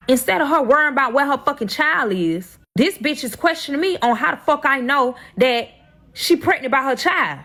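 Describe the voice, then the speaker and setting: A woman's voice: high voice, expressive, moderate pace, fairly bright tone. A woman telling her own drama story in a heated, profane, emotional storytime vlog.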